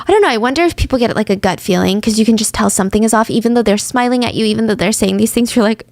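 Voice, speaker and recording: A young woman hosting a true crime podcast, telling the story casually with lively asides and acted-out quotes. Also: medium pitch, fast, hardly any pauses, dry recording, studio quality.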